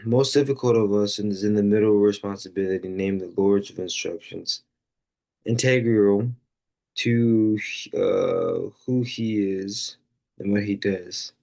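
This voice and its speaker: A man's voice: on the low side, darkish tone. A man hosting a faith podcast, telling a personal story in a casual, rambling way with many fillers, earnest throughout. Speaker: podcast host.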